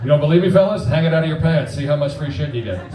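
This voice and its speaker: A man in his forties doing a stand-up comedy set, crude and punchy, acting out quick voices. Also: a little high, expressive, heavy background noise. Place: comedy club stage before a live audience. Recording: roomy club sound from a distance, audience laughter.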